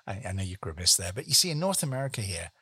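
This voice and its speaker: Fast-talking bright-voiced man interviewing. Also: sits low, big pitch swings, husky, no room sound. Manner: chatty, asks leading questions. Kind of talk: conversational interview.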